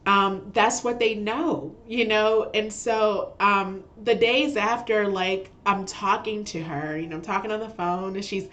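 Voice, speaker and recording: A woman's voice: medium pitch, steady tone, unhurried, hardly any pauses, a bit bright, lo-fi sound. A woman telling a personal story as a podcast guest, laughing often and stumbling over repeated words. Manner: frequent laughter while talking; reflective, emotional storytelling. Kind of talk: conversational interview.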